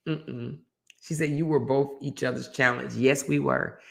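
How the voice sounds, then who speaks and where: A woman hosting a casual chat show, telling a story with animated energy and reading out viewer comments. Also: a bass voice, a little slow, gravelly. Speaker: host.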